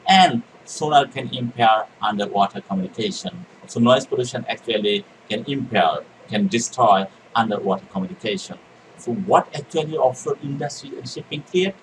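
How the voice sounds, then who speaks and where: A man's voice: mid-range voice, expressive, moderate pace, recorded from a distance, noisy background. A man teaching an exam reading lecture, repeating key words and answering his own questions. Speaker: IELTS teacher. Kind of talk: recorded exam-prep lecture.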